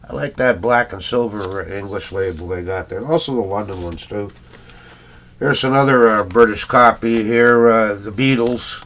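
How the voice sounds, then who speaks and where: A man's voice: on the low side, normal speed, fairly bright tone. Rambling Canadian man collecting records. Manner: rambling, many fillers, chuckles often. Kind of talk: rambling casual vlog.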